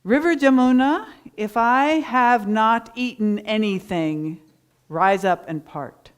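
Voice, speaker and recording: A woman voicing an old male sage who acts angry and greedy, speaking in a shrill, indignant, complaining way. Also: slow pace, clean tone. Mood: commanding.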